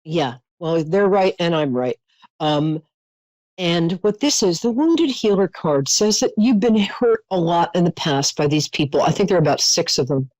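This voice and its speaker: A woman's voice: fairly low pitch, animated, moderate pace, a little mellow, no room sound, poor audio. A middle-aged woman hosting a call-in psychic reading, talking earnestly and reassuringly with endearments and open emotion. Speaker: psychic host. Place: studio.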